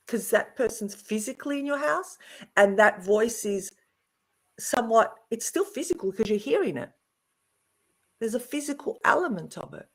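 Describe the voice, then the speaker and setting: A woman co-hosting a podcast in casual chat, telling a story emphatically and slowing down for effect. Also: a little high, animated. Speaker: podcast co-host.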